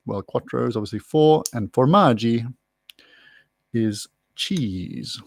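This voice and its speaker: A man's voice: medium pitch, expressive, takes it slowly, creaky, dry recording, clean studio sound. A man hosting a live online pub quiz from home, chatty and rambling with self-mocking asides. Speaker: quiz host. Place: room at home.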